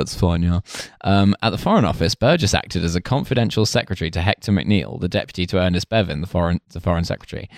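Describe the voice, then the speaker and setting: A man's voice: low voice, no echo, clean studio sound. A man co-hosting a casual comedy history podcast, reading from notes and breaking off into jokey asides. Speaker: podcast co-host.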